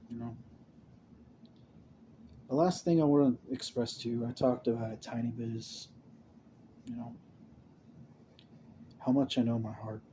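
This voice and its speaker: With a mid-range voice and a faint background hiss or hum, a young man delivers an emotional, meandering monologue to camera. He keeps stammering, starting over, and repeating words, alternating between mumbling and sudden loud outbursts.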